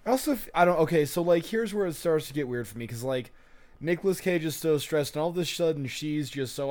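A man's voice: a little high, animated, brisk, darkish tone. Guy cracking jokes and swearing while watching a movie with a buddy, loose casual chat. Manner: wisecracking and profane. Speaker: podcast co-host.

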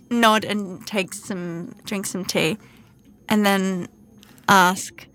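A woman playing a tabletop game, chatting excitedly and swearing. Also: medium pitch, drawn-out words, faint music behind. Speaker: player. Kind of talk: casual game chat.

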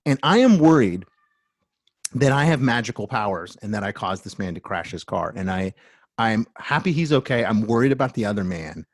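A man telling a long story in casual, animated chat, swearing often and restarting his sentences. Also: lowish voice, moderate pace, no room sound, studio quality. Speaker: storyteller in a talk.

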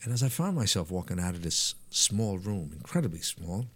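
A man's voice: sits low, very animated, moderate pace. A man, telling anecdotes as a guest in a casual interview. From Bronx, New York. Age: 50s. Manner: reflective, anecdotal, frequent restarts and fillers. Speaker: podcast guest, hair stylist.

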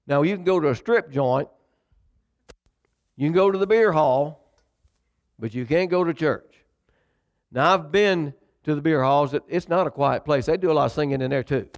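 A man's voice: a little high, normal speed, long pauses. A man preaching a sermon, reading scripture aloud and acting out quotes with asides to his congregation. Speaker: pastor.

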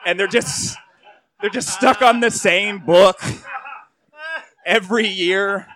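Rambling high-voiced male comic. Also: fairly even intonation, takes it slowly, fairly bright tone. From United States. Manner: rambling, filler-heavy, crude. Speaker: stand-up comedian. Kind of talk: stand-up set.

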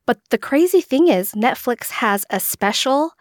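A woman's voice: a little high, animated, a little slow, no room sound, studio quality. A woman co-hosting a podcast in casual chat, explaining things with examples. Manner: explanatory, brings up examples and clips. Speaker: podcast co-host.

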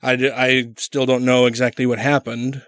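Profane, animated podcast co-host man. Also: medium pitch, moderate pace, no room sound, studio quality. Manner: profane, animated, laughs often. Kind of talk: casual podcast banter.

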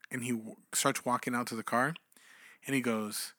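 A man's voice: mid-range voice, fairly even intonation, moderate pace, fairly bright tone, no echo. A man co-hosting a casual podcast chat, telling a story in a loose, rambling way. He stops and restarts his sentences often. His voice sits mid-range and sounds dry and close. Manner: rambling, many restarts and "you know"s. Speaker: podcast co-host.

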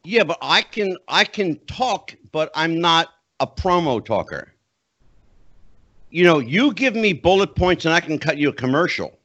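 Male podcast host, higher pitch, very animated, frank and chatty, dry dull call audio. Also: unhurried, no room sound. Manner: lively, talks straight up and self-deprecating. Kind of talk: casual podcast chat.

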